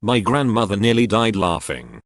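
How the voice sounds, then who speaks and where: A man with a somewhat low voice reads short anecdotes aloud one after another. His delivery is steady and matter-of-fact, with a dry, close sound. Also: moderate pace, no room sound. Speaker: narrator reading online posts.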